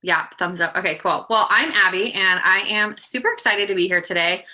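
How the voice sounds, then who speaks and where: A woman's voice: medium pitch, a little fast, pushed and bright. A woman in her thirties, slightly out of breath, presenting casually on a video call with an upbeat, chatty manner and frequent ums. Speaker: guest presenter, project manager. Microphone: computer mic on a video call.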